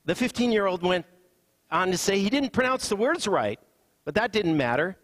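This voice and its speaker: A male pastor preaching in a loose, conversational way, pausing with fillers and restarting phrases. His voice sits a little high for a man. The sound is dry and close. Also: expressive, a bit bright, no room sound. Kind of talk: sermon.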